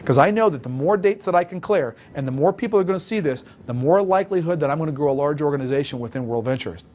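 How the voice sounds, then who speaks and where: A man's voice: fairly high pitch, expressive, fast talker, darkish tone. A man coaching listeners on making sales calls, talking emphatically and acting out example calls. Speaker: sales trainer. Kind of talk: instructional talk.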